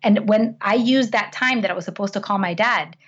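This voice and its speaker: A woman's voice: medium pitch, a little fast. A woman speaking as a podcast guest, telling personal stories in an earnest, heartfelt way with frequent restarts. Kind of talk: conversational storytelling. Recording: slightly dull lo-fi recording.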